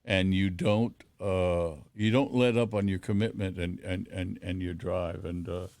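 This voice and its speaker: Effusive low-voiced man hosting a podcast. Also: steady tone, measured pace, darkish tone, no room sound. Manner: effusive, stammering restarts. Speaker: podcast host. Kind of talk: warm casual phone interview.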